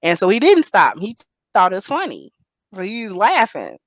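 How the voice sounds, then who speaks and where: A woman's voice: mid-range voice, huge pitch swings, normal speed, dry recording. A woman hosting a casual live panel chat, telling personal stories candidly and laughing through her points.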